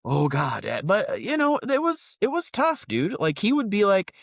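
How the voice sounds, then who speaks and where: A man's voice: high-pitched, normal speed. A man in his forties co-hosting a podcast, telling rambling, profane stories in casual chat. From United States. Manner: profane, rambling, animated storytelling. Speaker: podcast co-host.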